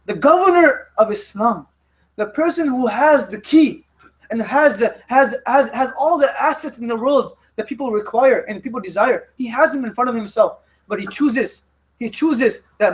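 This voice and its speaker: A man's voice: very high voice, normal speed. A man leading a youth study circle, telling a story as a lecture and repeating phrases for emphasis. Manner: repeats phrases for emphasis, often restarts lines.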